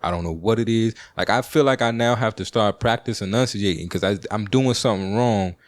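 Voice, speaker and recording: A podcast host with a D.C. talks in a deep, low register and tells a loose story. He uses slang and plenty of fillers. The recording is dry and close, with no room sound. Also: brisk, no room sound. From Washington, D.C. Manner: rambling, with slang and frequent fillers. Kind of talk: casual storytelling monologue.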